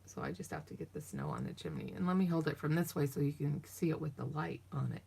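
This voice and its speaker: Chatty middle-aged woman with vocal fry. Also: low-pitched, wildly swooping pitch, fast talker, a little mellow. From Southern United States. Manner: chatty, rambling storyteller, talks to viewers while working. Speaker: craft vlogger. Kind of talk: casual chat while crafting.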